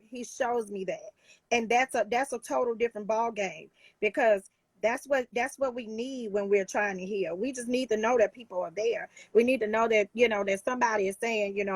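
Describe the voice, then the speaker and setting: Woman, high voice, dry close sound, emphatic, heartfelt, preachy, talk show guest. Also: normal speed, no echo. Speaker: guest life coach. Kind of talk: casual talk show chat.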